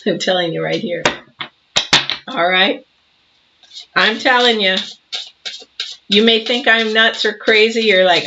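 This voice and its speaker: A woman's voice: mid-range voice, slow, pauses often, muffled recording, background noise. A woman in her sixties giving a casual tarot reading, emphatic and preachy, acting out little scenes as she talks. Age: 60s. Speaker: tarot reader.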